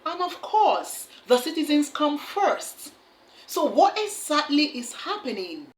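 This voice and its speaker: A woman's voice: high-pitched, big pitch swings, slow pace, roomy sound. A woman hosting a casual reaction video, chatty and often checking in with her viewers. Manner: chatty, keeps asking "okay?". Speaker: host.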